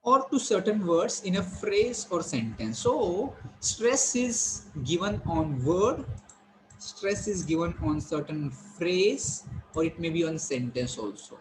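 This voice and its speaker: A man's voice: sits high, very animated, slow pace, slight background noise, poor audio. A male teacher, lecturing on English pronunciation, explaining step by step and repeating key points.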